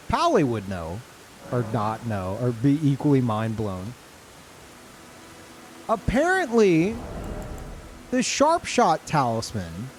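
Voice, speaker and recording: Over a slight hiss or hum, a male streamer talks through his gameplay live, swearing in disbelief and alternating between shouting and muttering under his breath.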